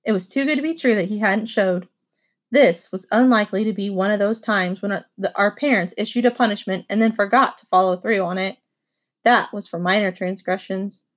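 A woman reading a children's novel aloud with expressive first-person narration. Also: medium pitch, brisk. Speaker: audiobook reader.

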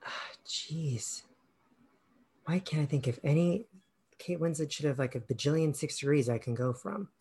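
A man's voice: a little high, normal speed, pauses often, darkish tone, husky. A man co-hosting a podcast over a video call, thinking aloud and muttering to himself as he chats. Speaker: podcast co-host. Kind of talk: casual chat.

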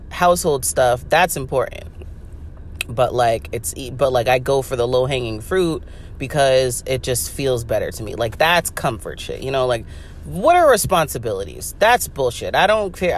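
A woman's voice: extremely low pitch, a little hiss or hum. A young woman hosting a podcast, talking in a rambling, profane comedic monologue full of "like" and laughter. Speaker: podcast host.

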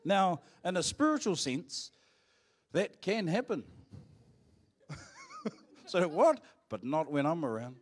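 Cheeky New Zealand pastor, slightly high voice. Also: male voice, big pitch swings, unhurried, long pauses. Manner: cheeky, joking, acts out quotes with raised voice. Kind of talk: sermon with storytelling. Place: church.

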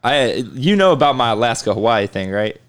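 A man's voice: mid-range voice, sing-song, fairly quick. Teasing young guy, casual banter. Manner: teasing, profane, laughing often. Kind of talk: casual chat.

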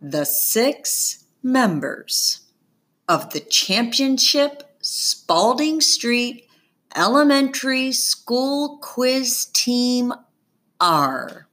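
A woman reading a storybook aloud, voicing an excitable male schoolteacher with a slow, theatrical delivery. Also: medium pitch. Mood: eager.

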